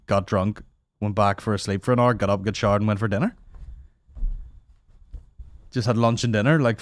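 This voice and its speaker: A man's voice: on the low side, no echo, clean studio sound. A man, hosting a comedy podcast and telling a rambling, mocking, sweary story in casual chat. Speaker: podcast host.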